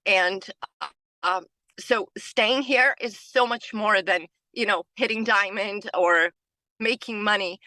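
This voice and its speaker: A woman giving a motivational team training talk, earnest and worn out from not sleeping. Her voice is bright and forward, and she drives points home by repeating them. The sound is dry and close, with little room echo. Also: mid-range voice, takes it slowly. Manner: earnest, repeats phrases for emphasis. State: tired from lack of sleep. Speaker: team leader.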